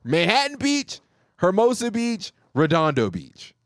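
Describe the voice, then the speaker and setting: A man telling a profane, joking story about his telemarketing job, animated and casual. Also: sits high, a little slow, dry recording, clean studio sound.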